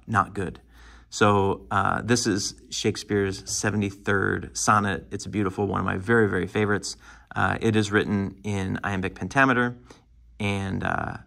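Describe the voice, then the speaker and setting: A man with a low, gravelly voice gives a classroom lecture on poetry. He talks loosely and stops often, with plenty of fillers and restarts as he gathers his thoughts. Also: fairly bright tone. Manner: hesitant, many fillers and restarts. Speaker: teacher.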